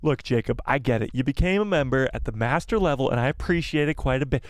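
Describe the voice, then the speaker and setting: A man hosting a casual live stream, excitably reading viewer comments aloud and swearing casually. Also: fairly high pitch, fairly quick, dry recording, clean studio sound.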